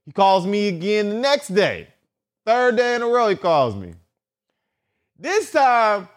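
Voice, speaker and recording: A man hosting a solo podcast, telling profane comedic stories with lots of filler and repetition. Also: a little high. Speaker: podcast host.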